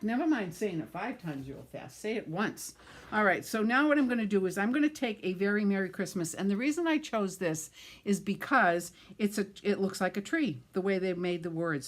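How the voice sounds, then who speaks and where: Chatty woman demonstrating card crafts. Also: mid-range voice. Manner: chatty, self-deprecating, trips over words and laughs it off. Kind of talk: craft tutorial, talking while working.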